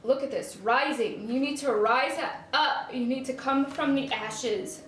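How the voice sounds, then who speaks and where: A high-pitched woman gives a casual spiritual card reading, talking in an effusive, gushing way and often repeating her words. Her voice carries in a roomy, echoey space, with faint noise behind it. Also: a little slow, hardly any pauses, fairly bright tone. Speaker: tarot card reader.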